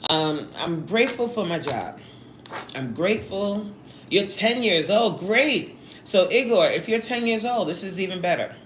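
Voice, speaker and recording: A woman's voice: mid-range voice, expressive, measured pace. Chatty woman in her forties, roomy room. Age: 40s. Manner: chatty, playful, eating while talking. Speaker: livestreamer reading chat. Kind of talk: casual live-stream chat. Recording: roomy echo, faint noise.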